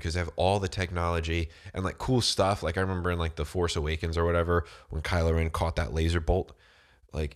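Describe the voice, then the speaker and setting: A man with a cold, chatting casually to camera in a rambling, slangy way, full of "dude" and "bro". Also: low-pitched. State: has a cold, voice deeper than usual.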